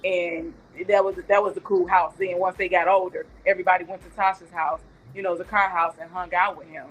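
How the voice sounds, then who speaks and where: A woman's voice: on the low side, little pitch movement, a little fast, a little hiss or hum, low-quality recording. A middle-aged woman, a guest and aunt, reminiscing in a chatty, rambling storytelling way. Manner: chatty storytelling, many asides. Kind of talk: casual reminiscing.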